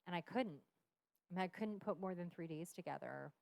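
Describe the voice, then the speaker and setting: A woman's voice: on the low side, fairly quick, creaky, a little mellow, no echo. A woman in her thirties, a podcast guest, frankly telling a personal story with frequent swearing and laughter. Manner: frank, profane, laughs often. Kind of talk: candid storytelling.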